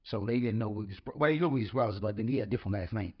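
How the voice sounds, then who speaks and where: A man and former boxer is telling stories on a podcast at a quick clip. He stumbles over his openings and repeats a word or two. The recording sounds slightly dull and lo-fi. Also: fairly low pitch, husky. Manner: rambling, repeats words when starting a thought. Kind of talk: casual storytelling.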